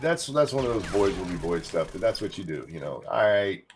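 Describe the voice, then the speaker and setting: A man gaming with a friend, making blunt, crude quips in relaxed casual chat. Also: deep voice, a little fast, background noise. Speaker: co-op gaming partner.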